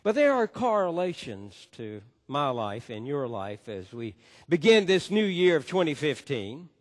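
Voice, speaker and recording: A man's voice: fairly high pitch, sing-song, measured pace. Preacher man in a reverberant sanctuary. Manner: emphatic storytelling. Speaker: pastor. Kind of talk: sermon. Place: church sanctuary. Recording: long church reverb.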